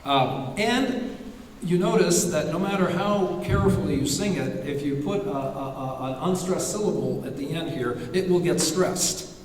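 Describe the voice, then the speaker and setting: Halting male lecturer in an echoey hall. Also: a little high, a little hiss or hum. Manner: halting, many fillers and restarts, sings short chant phrases. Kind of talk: academic lecture. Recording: echoey hall recorded from far off.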